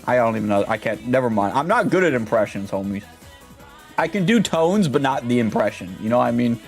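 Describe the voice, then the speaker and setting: A young man talks loosely and at length on a stream, with a lively, swooping pitch and plenty of restarts. He often breaks off to try silly voices. Faint music plays underneath. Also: fairly quick. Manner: rambling, laughing, trying out silly voices. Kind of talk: casual stream chat.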